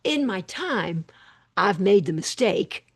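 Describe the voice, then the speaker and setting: An older woman with a gravelly, husky voice explains her therapy work in an animated, emphatic way over a video call. Her speech carries some vocal fry and a breathy edge, and she often breaks off into quick asides. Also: mid-range voice. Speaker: psychiatrist and psychotherapist. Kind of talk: conversational video call interview.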